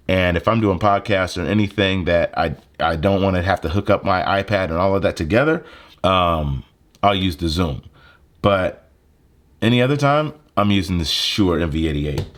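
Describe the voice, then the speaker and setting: A young man casually explaining a phone video-editing setup and a plug-in mic, with lots of fillers. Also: low voice. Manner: relaxed, conversational, lots of fillers. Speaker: tech video creator. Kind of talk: casual gear tutorial. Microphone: handheld phone mic.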